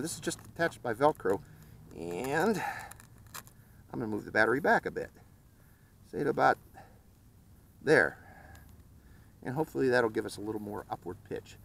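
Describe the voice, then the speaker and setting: A man's voice: mid-range voice, expressive, fairly quick, gravelly, long pauses, slight background noise, poor audio. Folksy man narrating a drone flight. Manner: chatty, folksy, addresses viewers as folks. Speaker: RC hobby video host. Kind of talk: casual flight-test commentary. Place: outdoors at a flying field.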